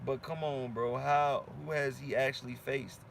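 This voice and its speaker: A man's voice: medium pitch, fairly even intonation, normal speed, vocal fry, a little hiss or hum. A male boxing channel host ranting at viewer comments, fired-up and slangy, repeating himself for emphasis. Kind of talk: heated rant answering viewer comments.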